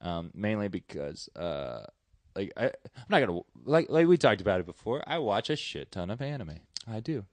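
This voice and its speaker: A man's voice: on the low side, big pitch swings, normal speed, no room sound. A man with a Texan accent, a stand-up comedian guest chatting on a podcast in a loose, rambling, profane way with lots of fillers. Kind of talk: casual podcast chat.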